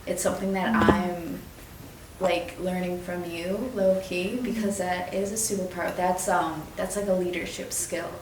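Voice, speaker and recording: Woman, low monotone tribute; far mic. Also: moderate pace. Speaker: friend giving a tribute. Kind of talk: reflective casual chat. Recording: echoey room, far mic, background noise.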